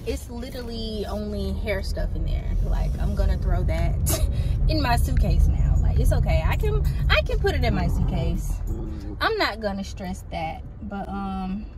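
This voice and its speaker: A woman's voice: medium pitch, lively intonation, normal speed. A young adult woman vlogging casually, rambling and chatting straight to her viewers. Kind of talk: casual vlog chat. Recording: loud car noise behind.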